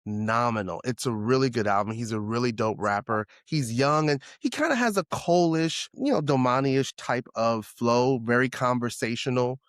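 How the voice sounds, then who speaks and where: A man's voice: medium pitch, moderate pace, few pauses, no echo, studio quality. A man with a New York accent co-hosting a podcast in casual chat, telling stories and acting out what friends said. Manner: animated storyteller who acts out quoted friends. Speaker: podcast co-host.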